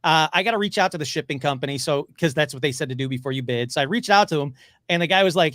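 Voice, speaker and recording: A man with a somewhat high voice talks as a guest on a podcast. He is excitable and gushing and races through his stories. The recording is dry, close and free of room sound. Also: rapid-fire, no echo. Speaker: podcast guest, paranormal investigator. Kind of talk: casual interview chat.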